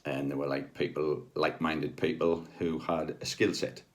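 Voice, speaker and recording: A man's voice: extremely low pitch, little pitch movement, moderate pace. A middle-aged man, a healer telling personal stories in a chatty, rambling way with many ums and asides. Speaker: spiritual healer. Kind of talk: casual anecdotal storytelling.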